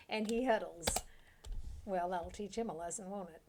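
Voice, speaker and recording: A woman's voice: on the low side, moderate pace, darkish tone, slight background noise. A woman streaming a game, chatting casually, giggling, and reading the game's text aloud. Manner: giggly, chatty, trails off into asides.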